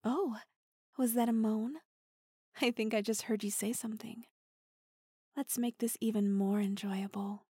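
A woman's voice: on the high side, steady tone, unhurried, pauses often, dark tone, breathy edge, no echo. A young woman playing a teasing, dominant female partner in an intimate audio role-play, giggling and slipping into half-whispers close to the mic.

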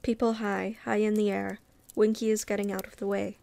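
A woman reading aloud and voicing a timid, squeaky female house elf servant who speaks in anxious broken grammar. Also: little pitch movement, normal speed, creaky, dark tone, lightly acted. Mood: frightened.

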